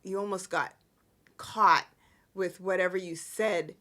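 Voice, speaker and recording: A woman's voice: on the low side, steady tone, a little slow, a bit bright. A woman voicing a scornful evil alter-ego woman, scolding and contemptuous.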